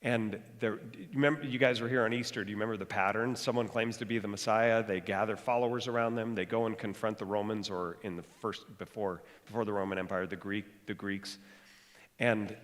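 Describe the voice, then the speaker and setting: A male pastor preaching a sermon, talking fast and jokey, with animated bursts of energy. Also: fairly low pitch. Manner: joking, conversational. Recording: long hall reverb.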